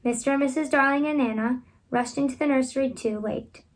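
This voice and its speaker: A woman reading a children's classic aloud at home, expressive and animated, lifting her voice for the children's lines. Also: sits high, brisk, slight background noise. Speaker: reader.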